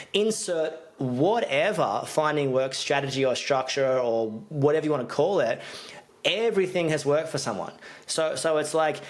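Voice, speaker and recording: An Australian man hosting a podcast, talking casually and coaching tradespeople on running a business, with frequent restarts and fillers. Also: mid-range voice. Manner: conversational, repetitive, filler-heavy with restarts.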